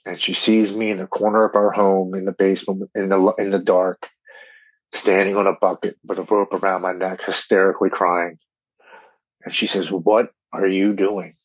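A man, a podcast guest, telling an emotional recovery story in an earnest, halting way with repeated words. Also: deep voice, slightly rough, dry recording. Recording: dull, dry remote recording.

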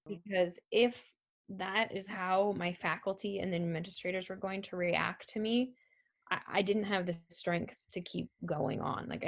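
A young woman telling a personal story in a halting, soft-spoken way, with frequent pauses and ums. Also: fairly low pitch, gravelly. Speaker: survivor telling her story. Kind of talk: personal testimony.

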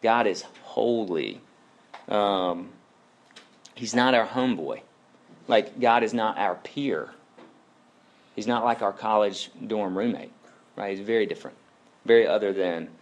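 A man's voice: fairly low pitch, measured pace, pauses often. A man preaching a casual, conversational sermon as a pastor, chatty and informal, with many tag questions and fillers.

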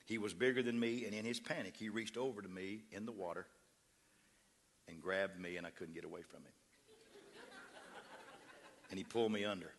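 A man, a pastor, telling a story in a sermon with an animated, humorous delivery. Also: fairly low pitch, normal speed, pauses often, slight background noise.

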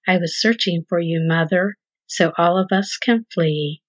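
A woman's voice: on the low side, unhurried, no room sound. A woman voicing a frightened little hen chick who talks urgently and anxiously. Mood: alarmed. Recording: dull lo-fi dry recording.

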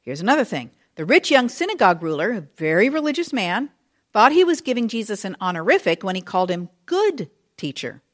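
A woman leads a Bible study, her voice swinging widely up and down as she tells the story. She talks in a chatty, expressive way and drops in casual asides. Her pitch sits in a middle range for a woman. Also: a little fast. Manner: expressive, animated retelling. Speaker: Bible teacher.

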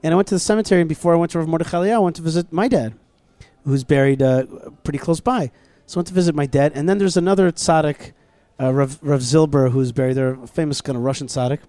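A man hosting a talk show, telling stories in a casual, animated way with many restarts and quoted dialogue. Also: fairly high pitch, fast talker, dry recording. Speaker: podcast host. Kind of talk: casual storytelling conversation. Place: outdoors at a plaza.

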